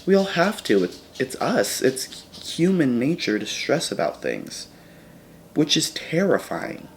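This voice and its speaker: A man's voice: a little high, very animated, unhurried, a little hiss or hum. A man talking to camera in a casual, reflective vlog, rambling and correcting himself as he goes. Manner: rambling, self-correcting, earnest. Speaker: vlogger.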